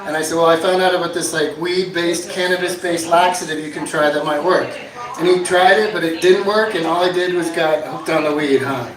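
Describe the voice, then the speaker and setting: A man doing a stand-up comedy set, dry one-liners broken up by loud shouted bits, at an inn bar. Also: a little high, steady tone, fairly quick, crowd noise. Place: inn bar with live audience. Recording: echoey bar room from far off.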